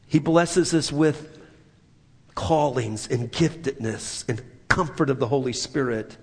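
A man's voice: medium pitch, slow pace, a little mellow, slightly rough. A man preaching a sermon as pastor, leading the congregation through repeated spoken confessions. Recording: long hall reverb.

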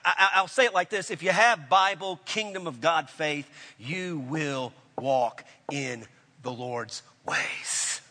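A man preaching a sermon with passion, swinging between loud declarations and hushed, intense moments. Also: high voice, in a large hall.

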